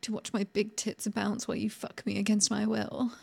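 A woman voicing a sharp-tongued young woman in an adult audio role-play, sarcastic at first, later stammering and pleading. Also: mid-range voice, monotone, normal speed, gravelly, breathy edge. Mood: frightened.

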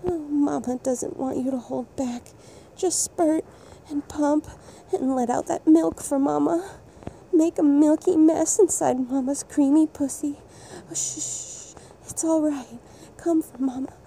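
A woman voicing a doting, motherly furry cow-woman creature in an intimate adult audio role-play, speaking softly and soothingly with a breathy coo. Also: high voice, fairly even intonation, slight background noise. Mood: coaxing. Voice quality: soft, cooing and breathy. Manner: slow, soothing and affectionate, hushing often.

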